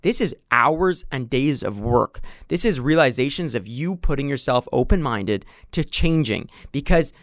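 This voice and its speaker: Animated man telling a story. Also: medium pitch, a little slow, few pauses, dry recording, studio quality. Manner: animated storyteller, acts out quoted exchanges. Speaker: podcast guest. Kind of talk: casual conversation.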